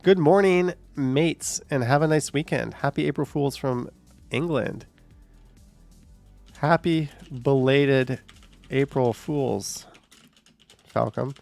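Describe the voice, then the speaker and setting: Gravelly-voiced man chatting on a livestream. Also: medium pitch, slow, pauses often, darkish tone, soft background music. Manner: joking, sarcastic asides with frequent laughs. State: short of breath, voice fading. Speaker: livestream host reading chat comments. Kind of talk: casual live chat.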